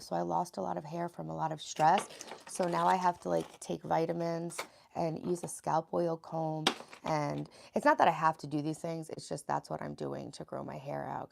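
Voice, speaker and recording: A woman in her thirties from New York who has just woken up, chatting casually with live-stream viewers in her bedroom. Her voice is raspy, and she greets people by name as she reads the chat aloud. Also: on the low side, a little mellow. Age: 30s. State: sleepy, just woke up.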